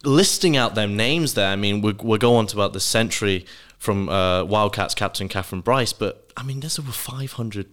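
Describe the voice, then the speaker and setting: Upbeat low-voiced man, English-sounding. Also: moderate pace, a bit bright. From Scotland. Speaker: podcast co-host. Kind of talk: casual sports chat.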